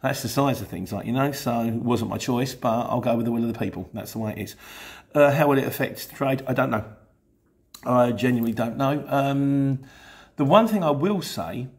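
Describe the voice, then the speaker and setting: A man's voice: medium pitch, moderate pace. A man from England, casually answering viewer questions about running a van business, rambling and frank with many restarts. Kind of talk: casual Q&A chat.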